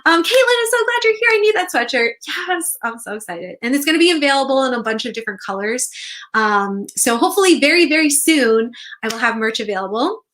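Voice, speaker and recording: Young woman on a livestream, super bubbly, kinda high bright voice, gets squealy about comments. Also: brisk. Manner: bubbly, excitable, squeals over viewer comments. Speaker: author and livestream host. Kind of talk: casual livestream chat with viewers.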